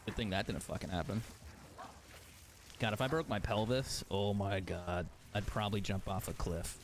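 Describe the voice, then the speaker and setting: A man's voice: fairly low pitch, moderate pace, a little hiss or hum. A man streaming a video game, chatting casually, swearing often and laughing at himself. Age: adult. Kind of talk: casual chat while gaming.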